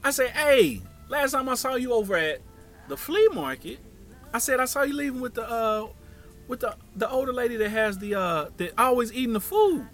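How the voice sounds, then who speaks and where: High lively voice, guy telling a funny story, doing everyone's voices, bit of music under it. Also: moderate pace. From Tampa, Florida area. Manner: animated, acts out voices of others. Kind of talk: comic storytelling.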